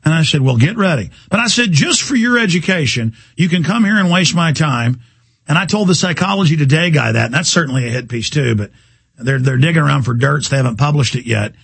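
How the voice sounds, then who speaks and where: Heated, husky-voiced talk radio host. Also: male voice, fairly high pitch, lively intonation, fast, a bit bright, dry recording. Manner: rambling, heated, mimics voices in quotes.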